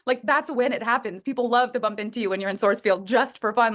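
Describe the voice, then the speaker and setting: A woman coaching members of her program on a group call, talking in a lively, playful way and acting out little scenes. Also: on the high side, quick pace, hardly any pauses. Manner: lively, playful, acts out voices. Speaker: coach leading a women's program.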